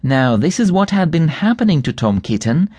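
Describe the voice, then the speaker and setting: A man narrating a children's storybook audiobook in a lively, expressive reading. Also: fairly high pitch, normal speed, husky, no echo.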